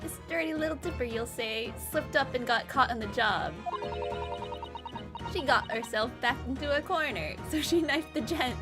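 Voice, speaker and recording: Una donna che fa una giovane borseggiatrice sfacciata. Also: female voice, a little high, big pitch swings, moderate pace, music in the background, pitched above the performer's own voice. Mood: cheeky. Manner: cheeky, slangy, attempted Cockney. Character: cocky young female street pickpocket.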